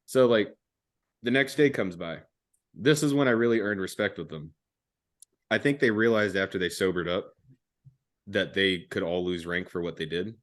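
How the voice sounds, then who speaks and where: A man's voice: low-pitched, moderate pace, pauses often. A young man hosting a podcast, telling a story casually with lots of swearing and slang. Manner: laid-back, profane, laughs often, fillers like "dude" and "man". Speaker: podcast host.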